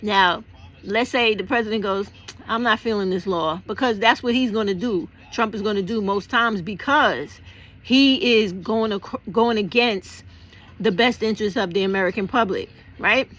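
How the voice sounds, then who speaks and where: A woman's voice: medium pitch, moderate pace, fairly bright tone. A woman talking bluntly and passionately to her viewers, swearing freely as she explains civic action. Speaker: vlogger. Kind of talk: casual political talk to camera.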